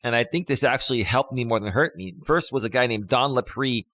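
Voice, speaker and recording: A man's voice: medium pitch, expressive, a little fast, fairly bright tone, no echo. A man in his fifties, a life coach hosting a live stream, talking casually in a rambling, emphatic way. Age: 50s. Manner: rambling, emphatic, with many fillers and restarts.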